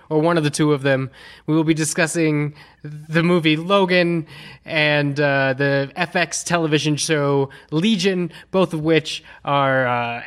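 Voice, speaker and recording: A man's voice: fairly high pitch, a bit bright, clear, resonant tone. A man hosting a podcast who introduces the topics in a rambling, jokey way full of fillers. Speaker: podcast host. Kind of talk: casual podcast chat.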